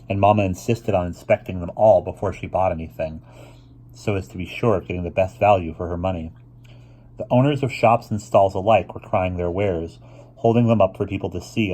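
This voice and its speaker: Deep husky man reading a storybook. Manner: steady, unhurried reading with small restarts. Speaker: reader. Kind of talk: reading a children's novel aloud.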